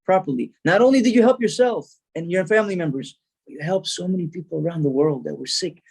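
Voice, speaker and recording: Man doing God, authoritative, declaring, emphatic, raised pitch. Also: fast talker, vocal fry, a little mellow, husky, full character voice. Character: God, speaking with loving authority.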